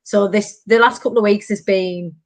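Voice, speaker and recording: A woman's voice: mid-range voice, moderate pace, no echo. A woman, telling stories animatedly in casual chat as podcast host. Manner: animated storytelling, many fillers.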